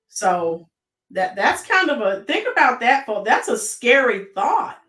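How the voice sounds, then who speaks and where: A woman's voice: on the high side, lively intonation, a little slow, fairly bright tone, echoey room, far from the mic, soft background music. An American woman hosting a live-stream commentary, chatting and greeting her chat viewers by name. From United States.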